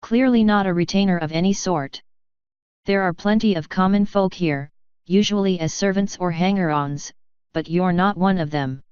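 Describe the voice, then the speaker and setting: A cool, contemptuous male courtier who speaks calmly and cuttingly, voiced by a woman reader. The voice is low and very clear, with a dry, slightly muffled sound. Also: moderate pace, no room sound, natural voice. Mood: cold. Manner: calm, cutting, patronizing.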